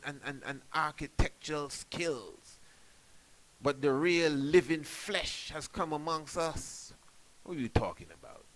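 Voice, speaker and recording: A man's voice: mid-range voice, a bit bright, poor audio. Emphatic man preaching on radio. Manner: emphatic, preaching, frequent rhetorical "hmm?" and "you know". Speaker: priest and radio host. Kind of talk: spiritual radio talk.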